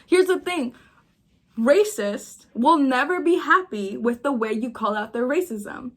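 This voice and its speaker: A woman's voice: sits high, animated, measured pace, fairly bright tone. A woman creator venting in a casual chat, emphatic and repeating her points for force. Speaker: video creator.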